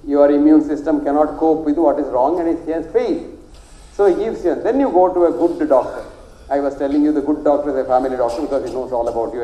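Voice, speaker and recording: Older South Indian doctor, dark echoey voice. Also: male voice, fairly high pitch. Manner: rambling, emphatic, repeats phrases for stress. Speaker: doctor giving a health talk. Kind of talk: lecture to an audience. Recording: echoey hall.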